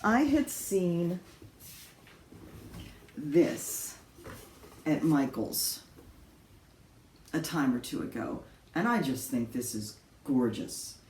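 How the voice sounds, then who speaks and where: A woman's voice: deep voice, sing-song, very slow, pauses often, darkish tone, slight background noise. A woman chatting casually to camera from her apartment about her crafts, rambling with lots of ums and little laughs. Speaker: cross stitch vlogger. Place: home in an apartment.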